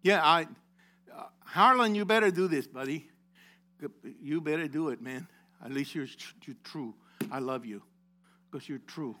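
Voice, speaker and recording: Bright-voiced impassioned male preacher. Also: a little slow, pauses often, soft background music. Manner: rising to loud impassioned exhortation, then dropping low; addresses congregation members by name. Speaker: pastor. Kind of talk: sermon.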